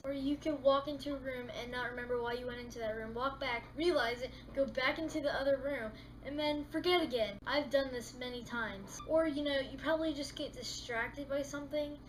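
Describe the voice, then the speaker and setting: A woman vlogger in a casual comedic monologue, talking in an animated way and acting out little scenes with exasperated rants. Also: high-pitched, slight background noise, low-quality recording.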